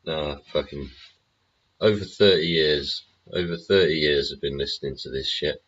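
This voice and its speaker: A man's voice: extremely low pitch, normal speed, fairly bright tone. A middle-aged man hosting a livestream, rambling and swearing through a profane monologue full of tag questions. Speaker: livestream host. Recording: muffled lo-fi stream audio.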